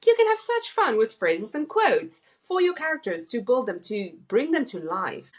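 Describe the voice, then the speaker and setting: Lively woman co-host. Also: a little high, moderate pace. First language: Afrikaans. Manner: animated, laughs easily. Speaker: podcast co-host. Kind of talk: casual chat.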